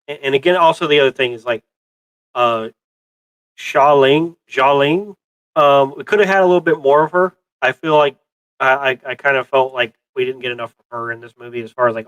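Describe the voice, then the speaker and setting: A man's voice: mid-range voice, fairly even intonation, normal speed, a bit bright, clear, resonant tone, no room sound, low-quality recording. A man co-hosting a casual movie review chat, rambling with many fillers and restarts. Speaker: co-host of a pop culture show.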